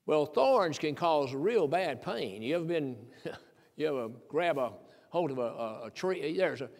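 An older male preacher from Tennessee delivers a sermon, folksy and emphatic, climbing into fervent high peaks. His voice sits a bit high for a man. A long church-hall reverb trails every phrase. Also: lively intonation, measured pace, darkish tone. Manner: folksy, emphatic preaching with rising fervor and chuckles.

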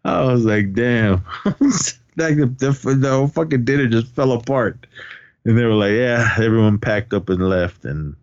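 A man's voice: mid-range voice, moderate pace, muffled recording. A man casually recapping a comedy film on a podcast, laughing often and acting out quoted lines. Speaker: podcast co-host. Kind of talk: casual movie recap chat.

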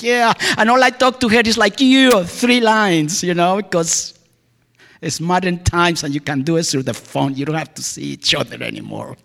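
A man rambling through a heartfelt personal monologue, veering from excited outbursts to hushed, near-whispered lines, with frequent laughs and exclamations. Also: fairly high pitch, vocal fry, in a large hall. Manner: laughs often, sighs and exclaims.

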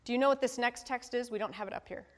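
A woman's voice: fairly high pitch, quick pace. A woman pastor giving a conversational sermon, often checking in with the congregation with tag questions like a teacher. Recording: long reverb of a large hall.

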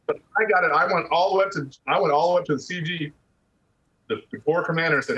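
Very fast and a little high, this middle-aged veteran's voice has a fairly bright tone. He shares his personal story in a laid-back interview, plainspoken and chatty, saying "man" and swearing now and then, while the room adds a noticeable echo.

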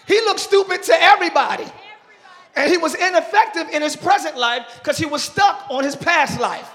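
High, bright-voiced preaching pastor. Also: male voice, moderate pace, big-room sound, some chatter behind. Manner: preaching with call-and-response to the congregation; builds from conversational to loud shouting praise. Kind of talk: sermon. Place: church sanctuary with congregation.

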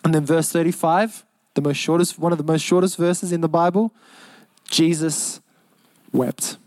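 A young Australian pastor preaches a sermon earnestly, repeating lines for emphasis and slowing down on key phrases. His voice is high and warm, with no room sound.

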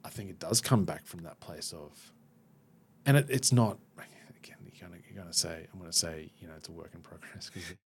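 A podcast host with a low, breathy voice and some vocal fry talks candidly and reflectively. He often stops and restarts his sentences as he opens up.

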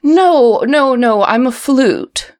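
A sweet, sing-songy talking flute with a lilting, raised voice, put on by a woman running the game. She speaks in an unhurried, polite way and corrects people with good-humoured patience. The recording is slightly dull. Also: high-pitched, expressive, darkish tone, voice pushed up. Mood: patiently amused. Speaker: game master.

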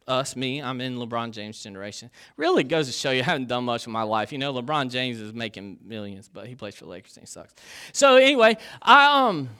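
Lively, joking young male pastor. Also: mid-range voice, smooth. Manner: joking and self-deprecating, with many fillers. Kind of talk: casual sermon.

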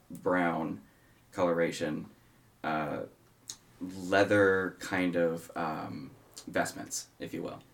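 A deep-voiced man acting as game master for a tabletop game. He narrates casually, rambling and filling gaps with ums and uhs. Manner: casual, rambling, lots of fillers.

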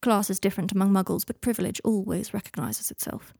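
A woman's voice: medium pitch, fairly even intonation, fast talker, gravelly, hardly any pauses, a little mellow, husky, no echo. Woman narrating a story, dry close sound. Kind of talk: audiobook reading of fan fiction.

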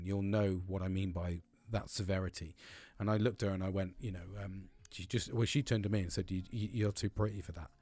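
This podcast host's lowish, darkish voice carries a casual personal monologue full of profanity and restarted sentences as he rambles along. The recording is dry.

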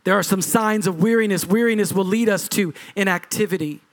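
A middle-aged man preaching a sermon as lead pastor, driving his points with punchy repetition and swings in pitch and loudness. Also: a little fast.

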